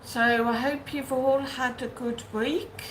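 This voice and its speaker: A woman's voice: high voice, fairly even intonation, takes it slowly, poor audio. A woman hosting a casual live stream, greeting viewers by name and chatting through their comments. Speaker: livestream host. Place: outdoors or home in Benidorm. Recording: faint background noise.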